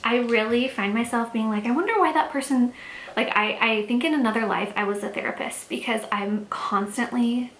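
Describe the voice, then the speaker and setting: A woman's voice: a little high, level tone, normal speed, few pauses, a bit bright. A young woman chatting casually and thoughtfully while doing her makeup at home, her talk full of "like" and "you know". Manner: chatty, reflective, many "like" and "you know" fillers. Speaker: makeup vlogger. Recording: echoey room, faint ambient noise.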